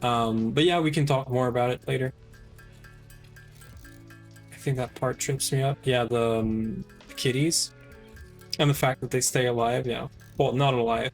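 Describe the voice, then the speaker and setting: A man's voice: mid-range voice, steady tone, a little slow, long pauses, soft background music. Rambling male game streamer. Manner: rambling, hesitant, many fillers and restarts. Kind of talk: casual live-stream game chat.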